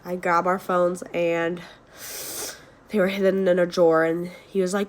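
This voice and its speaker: Animated young woman swearing through a story. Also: lowish voice, a little fast. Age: young adult. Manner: animated, swears a lot, acts out shouts. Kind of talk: casual story time.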